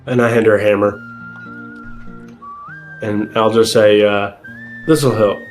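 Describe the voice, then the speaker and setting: A man playing his character in a tabletop game, terse and deadpan. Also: on the low side, unhurried, soft background music. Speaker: player. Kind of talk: casual tabletop role-play.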